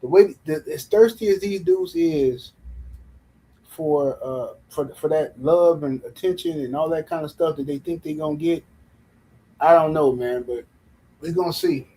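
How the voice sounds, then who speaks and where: A man hosts a casual boxing commentary livestream. He rants in an animated, mocking way, full of slang and repeated jabs. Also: fairly high pitch, unhurried, poor audio. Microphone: livestream mic.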